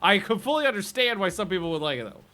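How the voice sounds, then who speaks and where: A man's voice: sits high, sing-song, fast, sharp tone, faint music behind. A man casually chatting with viewers while streaming a game, rambling and laughing often.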